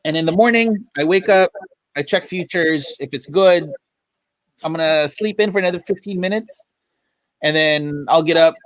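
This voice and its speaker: Male podcast co-host, higher voice, dry close sound, easygoing and jokey. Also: no room sound. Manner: animated, laughs a lot, jokey. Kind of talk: casual chat.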